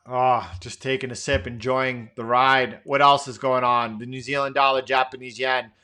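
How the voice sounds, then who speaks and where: A man's voice: medium pitch, fairly even intonation, normal speed, sharp tone. A middle-aged man hosting a live trading stream, thinking aloud through chart commentary with lots of fillers and restarts.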